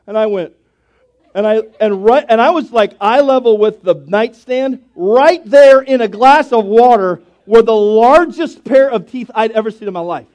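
High-voiced pastor telling folksy stories. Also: male voice, a little mellow. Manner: folksy, chatty storytelling with scripture read slowly. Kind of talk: storytelling sermon. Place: church sanctuary.

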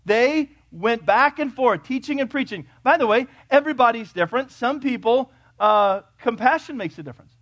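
A male pastor preaching a sermon to a congregation, emphatic, firing rhetorical questions and swinging from loud declarations to hushed points. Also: very high voice, lively intonation, normal speed, few pauses, no echo. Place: church before a congregation.

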